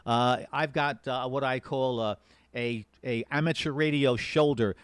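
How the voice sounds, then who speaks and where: A man hosts a live-streamed amateur radio special event station, speaking into a push-to-talk desk mic. His medium-pitched voice is steady, smooth, and measured, with no echo. He talks earnestly but ramblingly, repeating many words.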